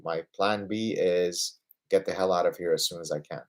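A man's voice: low-pitched, normal speed. A man in his fifties hosting a livestream Q&A, answering viewers emphatically and often tagging points with a rhetorical "right?". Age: 50s. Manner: lively, getting excited about his passions. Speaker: host answering viewer questions.

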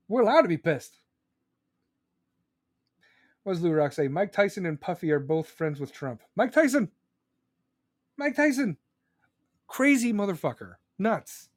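A man's voice: sits high, no echo, clean studio sound. A man ranting angrily and profanely, heated and sarcastic, saying he is still seething. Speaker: streamer ranting. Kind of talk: angry political rant.

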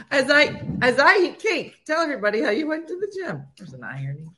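A woman in her forties hosting a casual morning show, animated and acting out what people say. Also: sits high, quick pace, few pauses. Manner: animated, gasping and acting out quotes. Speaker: host.

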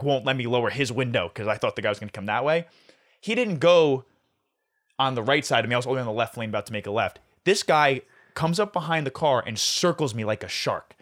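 A young man hosting a podcast, telling a story in a profane, animated way. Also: mid-range voice. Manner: profane, animated storyteller who swears often. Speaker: podcast host. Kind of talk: casual storytelling chat.

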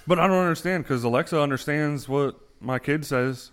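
A man's voice: on the high side, brisk, clean tone. A man co-hosting a podcast, bantering casually with jokes, swearing and plenty of "like" fillers. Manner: joking, profane banter full of "like" fillers. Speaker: podcast co-host. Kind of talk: casual chat.

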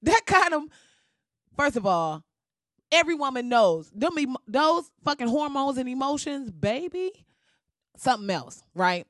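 Woman, casual reaction rant, blunt, profane, sassy, fairly high voice, dry close sound. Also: unhurried, no echo. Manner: animated, with sudden jumps in pitch. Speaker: commentator.

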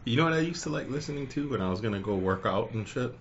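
A man's voice: mid-range voice, lively intonation, rapid-fire, muffled recording, a little hiss or hum. A man co-hosting a podcast in casual chat, laid-back and profane, laughing often. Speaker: podcast co-host.

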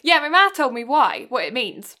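A woman's voice: sits high, very animated, normal speed, sharp tone. A young British woman co-hosting a podcast, chatting casually, swearing and laughing often. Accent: British English. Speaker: podcast co-host. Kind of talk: casual chat.

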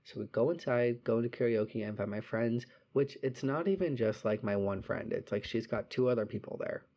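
Speaking a bit quickly in a mid-range voice, this young man spins a casual, profanity-laced story. He animates it by performing the quoted lines in different voices.

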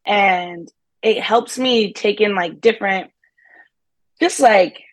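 A woman's voice: mid-range voice, takes it slowly, dry recording. Upbeat young woman actress, dry sound. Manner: upbeat, laughs often, many fillers like "like". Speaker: guest actress. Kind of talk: casual interview chat.

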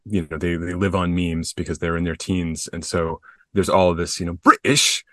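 A man's voice: low voice, little pitch movement, moderate pace, bright, forceful tone, no room sound. A middle-aged man co-hosting a podcast, asking friendly, joking questions. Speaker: podcast co-host. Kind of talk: casual interview chat.

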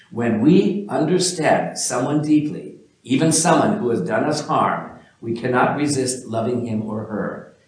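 A man teaching an informal spiritual talk in a gentle, musing way, speaking to listeners by name. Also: mid-range voice, very echoey, a little hiss or hum, low-quality recording.

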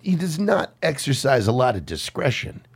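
A man hosting a casual film chat, an animated storyteller who swears and laughs often. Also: medium pitch, moderate pace, vocal fry, breathy edge. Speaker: podcast host.

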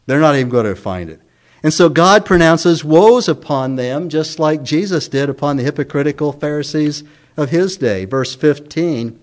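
Guy preaching a bible sermon, kinda high voice, leans hard on repeated words, reads verses slow. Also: expressive. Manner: emphatic, explains and repeats key words; reads scripture aloud with slow stresses. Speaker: pastor. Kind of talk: expository sermon.

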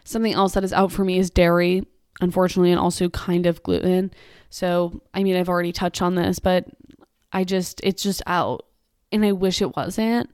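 A woman's voice: lowish voice, flat delivery, moderate pace, a little mellow, smooth, no echo, studio quality. A young woman hosting her own podcast, chatting casually and ranting about pet peeves, swearing and saying "like" a lot. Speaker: podcast host. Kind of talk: casual solo podcast chat.

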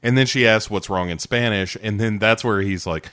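A man's voice: fairly low pitch, normal speed, fairly bright tone, no echo, clean studio sound. A man in casual podcast chat, recapping a TV scene in a playful way and often laughing.

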